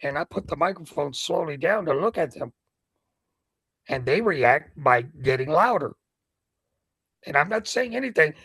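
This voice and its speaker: An older man with a gravelly, husky voice, a ring announcer telling stories as an interview guest and acting out the scenes. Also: a little high, moderate pace, long pauses, no room sound, poor audio. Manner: lively storyteller who acts out scenes. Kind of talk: animated anecdote telling.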